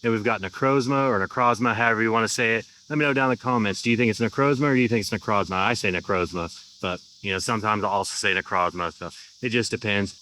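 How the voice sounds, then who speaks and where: A man's voice: fairly low pitch, steady tone, racing, few pauses, pushed and bright, a little hiss or hum. A man hosting his game channel, giving upbeat, chatty play-by-play commentary. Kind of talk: casual gameplay commentary.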